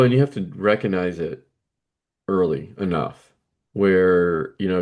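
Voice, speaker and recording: A man's voice: sits low, darkish tone. A man co-hosting a coaching podcast, chatting casually with frequent "you know" and "right" fillers.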